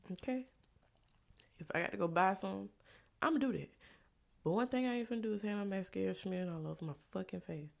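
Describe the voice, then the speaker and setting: A woman vlogger telling a candid personal story in a blunt, profane way. She drops into low confiding tones and jumps to loud, exasperated outbursts, tagging lines with rhetorical questions. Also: creaky.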